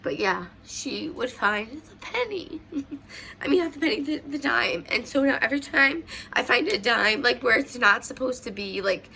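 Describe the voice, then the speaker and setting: Doing her makeup at home, a young woman vlogger rambles emotionally through childhood memories, filling her casual storytelling with fillers and tears. She sounds a little high, animated and bright, with a creaky, pushed quality at a moderate pace. A faint hiss or hum sits underneath.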